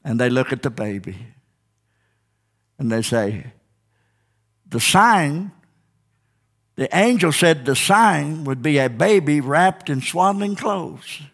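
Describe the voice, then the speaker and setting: Folksy pastor man preaching in church, swoops way up and down, slow drawn-out delivery. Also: a little high, animated. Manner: fervent, folksy preaching with sudden shouts and call-and-response "Amen?"; old-fashioned, down-home speech. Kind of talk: sermon.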